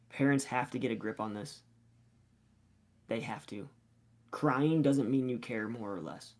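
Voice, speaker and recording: A man who coaches youth wrestling, telling a story casually on a podcast, acting out the quoted lines with lots of fillers. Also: mid-range voice.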